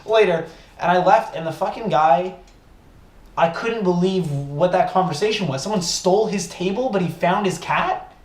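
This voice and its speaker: A man's voice: high-pitched, moderate pace. Give me a young man telling a story in a roomy echo. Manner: animated, profane, laughing storyteller. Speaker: podcast host. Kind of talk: casual storytelling. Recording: roomy echo, faint noise.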